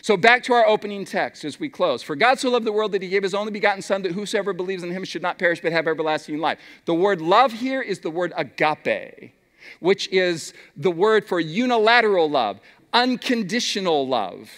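A middle-aged male preacher with a fairly high, lively voice that swoops up and down as he works the crowd. He fires rhetorical questions and sometimes sinks to a near hush, and his words ring out with a long reverb in a large hall. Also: brisk. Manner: animated, rhetorical questions to the audience; drops to a soft hush for emphasis. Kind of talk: sermon.

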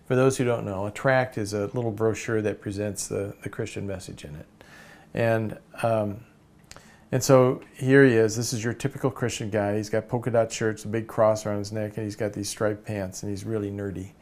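A man teaching a cartooning course in a relaxed way, with many fillers and restarts. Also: fairly low pitch, moderate pace. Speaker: cartooning instructor. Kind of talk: casual course lecture.

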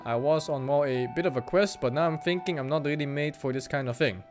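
A man's voice: a little high, brisk, music in the background, lightly acted. A man reading as a weary rescued doctor. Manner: reading the dialogue aloud plainly.

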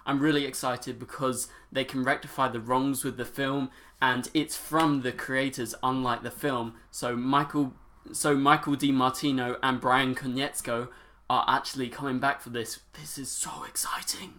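A seventeen-year-old man hosts his own reaction vlog, gushing with overexcited energy. His voice sits in an ordinary middle pitch, and his words tumble out breathlessly. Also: flat delivery, normal speed, sharp tone. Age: teenager, 17. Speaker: YouTuber.

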